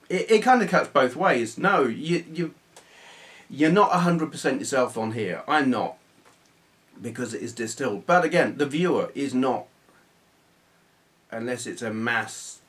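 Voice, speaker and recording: A man's voice: mid-range voice, a bit bright. Guy, retro gaming vlogger, casual rambling chat with lots of restarts and self-deprecating asides. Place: small hot room under bright video lights.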